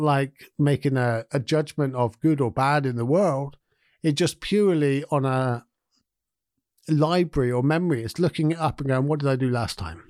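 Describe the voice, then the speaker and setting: A man's voice: a little high, a little mellow, dry recording, studio quality. A man hosting a podcast, explaining ideas in a loose, conversational way with restarts and asides. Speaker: podcast host. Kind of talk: casual explanatory monologue.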